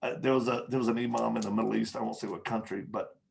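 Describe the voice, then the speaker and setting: A man, a podcast guest, telling candid stories in conversation, with frequent pauses and restarts. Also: mid-range voice, steady tone, vocal fry, noisy background. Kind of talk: storytelling in conversation.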